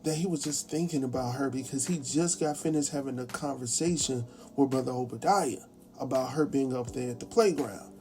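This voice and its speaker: Chatty man recapping a show, mellow tone. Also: mid-range voice, faint music behind. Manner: animated, acts out characters' lines in quick impressions; chatty, colloquial, laughs at his own asides. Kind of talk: casual TV episode recap.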